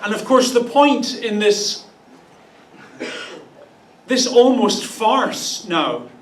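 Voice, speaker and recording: A man delivers an Easter sermon with a high, light voice and dry, joking asides. He sounds set back from the microphone, and his words ring through a large, echoey church hall. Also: a bit bright, a little hiss or hum. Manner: wry, playful asides with mock voices. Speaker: pastor. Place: church auditorium. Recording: echoey room, distant mic.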